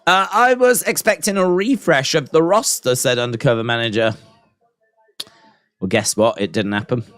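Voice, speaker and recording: A man's voice: medium pitch, normal speed, a bit bright, no room sound. Joking man reacting on stream. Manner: joking, sarcastic, chats to viewers and reads out chat. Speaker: wrestling watch-along streamer. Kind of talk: live-stream reaction commentary.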